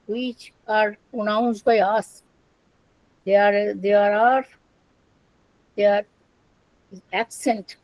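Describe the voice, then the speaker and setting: An older woman delivers an academic lecture, unhurried and careful, repeating each word as she works through it. Her voice sits somewhat high. The recording is dry and close, with no room sound. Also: no room sound, dull audio. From India. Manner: slow, deliberate, repeats words while explaining. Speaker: lecturer on Sanskrit and Prakrit.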